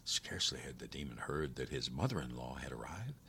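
A man narrating an old folk tale aloud in a measured storytelling manner. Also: extremely low pitch, very animated, gravelly, pushed and bright, slightly rough. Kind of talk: storybook reading.

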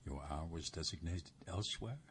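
A man voicing a sly, scowling serpent that pleads in a breathy, wheedling way. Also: low voice, normal speed, a bit bright, a little hiss or hum. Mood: sly pleading.

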